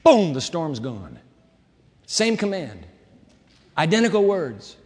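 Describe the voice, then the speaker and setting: Male pastor preaching in a high-pitched, dramatic voice, recorded with long church-hall reverb. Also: slow pace. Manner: animated, dramatic delivery with shifting volume. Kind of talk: sermon.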